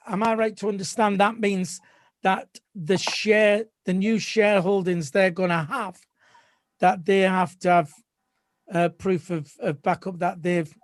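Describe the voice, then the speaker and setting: Man hosting, high voice, dry close sound, halting with fillers. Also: dry recording. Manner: hesitant, many fillers and restarts. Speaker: host of a live fan show. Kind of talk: casual live panel chat.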